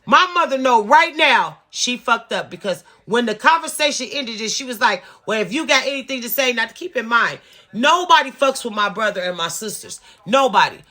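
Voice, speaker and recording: A woman's voice: fairly high pitch, bright, forceful tone. A woman in her fifties ranting in a storytime vlog, profane and emphatic, repeating herself to drive points home. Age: 50s. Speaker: vlogger. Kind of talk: storytime rant.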